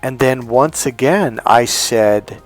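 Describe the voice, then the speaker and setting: A man working as a life coach, telling a personal story in a loose, animated way, swearing freely and often breaking off mid-sentence. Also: mid-range voice, takes it slowly, soft background music. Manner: animated, profane, self-interrupting. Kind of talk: casual storytelling monologue.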